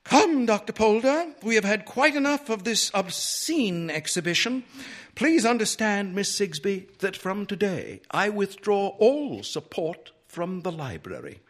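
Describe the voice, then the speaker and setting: A man voicing an indignant, haughty older woman in a shrill, pompous manner. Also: sing-song, a little slow. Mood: outraged.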